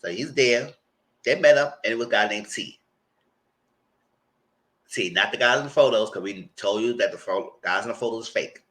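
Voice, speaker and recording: A man with a New York accent giving a casual, animated recap of a TV episode and acting out what people said. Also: on the low side, normal speed, long pauses, poor audio. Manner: animated storyteller, acts out quotes. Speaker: TV show reviewer.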